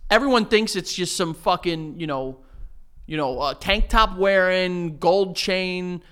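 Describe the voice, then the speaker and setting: A New man co-hosts a podcast in loose, joking, profane chat. His voice is bright and smooth, sitting a little high. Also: unhurried. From New York. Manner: joking, profane, does mock accents. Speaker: podcast co-host. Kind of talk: casual chat.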